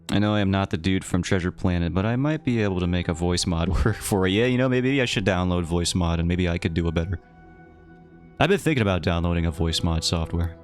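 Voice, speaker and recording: A man streaming live, chatting casually and playfully with his viewers in a rambling, self-mocking way. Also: low-pitched. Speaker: livestreamer.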